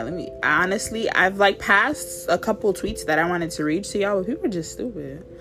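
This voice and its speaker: A woman's voice: fairly low pitch, lively intonation, moderate pace, music in the background. A young woman, hosting a show and ranting bluntly and animatedly in slangy casual talk. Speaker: show host. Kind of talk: casual rant to viewers.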